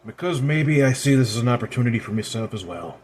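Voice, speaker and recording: A man's voice: medium pitch, expressive, fast talker, a little mellow, lightly acted. A man plays a proud, ancient immortal woman with red hair who speaks with a lilt. She is commanding and scolding, her voice set in a middle register. Faint noise hums under the recording. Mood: wry.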